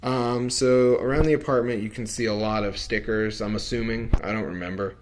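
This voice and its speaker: A man's voice: fairly low pitch, steady tone, fairly quick, a little hiss or hum. A man reviewing building toys in a casual vlog, rambling and hesitant, with lots of fillers and self-corrections. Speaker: toy reviewer.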